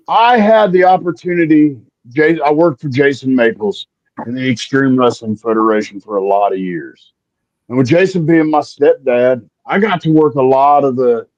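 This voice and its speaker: Lively storyteller man, muffled lo-fi audio. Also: on the high side, no room sound. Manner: lively raconteur, acts out quoted voices. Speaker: guest wrestler. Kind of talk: casual storytelling. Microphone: remote stream call.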